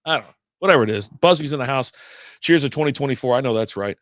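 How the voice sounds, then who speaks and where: A man's voice: mid-range voice, animated, quick pace, a bit bright, dry recording, clean studio sound. A middle-aged man hosting a beer podcast live stream, chatting in a rambling, laid-back way and often correcting himself. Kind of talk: casual live-stream chat.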